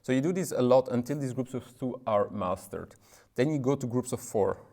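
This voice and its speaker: A man's voice: medium pitch, animated, moderate pace. A man with French as his first language giving a casual piano lesson, explaining practice methods in plain English and asking "right?" as he plays. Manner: explains in plain, slightly non-native English with many "right?" asides. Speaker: piano teacher. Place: room with a piano. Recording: speech over loud piano playing. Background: loud piano playing.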